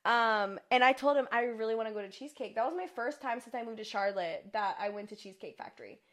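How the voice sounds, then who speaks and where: Chatty young woman, higher voice. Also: a bit bright. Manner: chatty, heavy use of "like" fillers, quick laughs. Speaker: podcast co-host. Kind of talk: casual chat.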